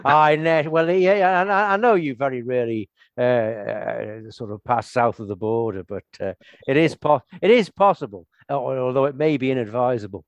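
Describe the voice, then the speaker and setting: A man's voice: mid-range voice, normal speed, dry recording, highs cut off. An older man hosting a podcast in casual chat, rambling with restarts and laughing often. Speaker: podcast host.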